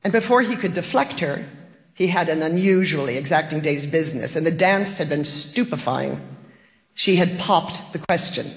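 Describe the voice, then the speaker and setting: An audiobook narrator reading a literary story in a measured, wry manner, recorded with a long echo. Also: medium pitch, animated. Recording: long echoing reverb.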